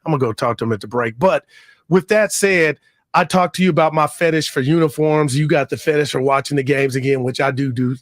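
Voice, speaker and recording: A man's voice: fairly high pitch, fairly quick, dry recording, studio quality. A man co-hosting sports talk radio, bantering in a laid-back, slangy way.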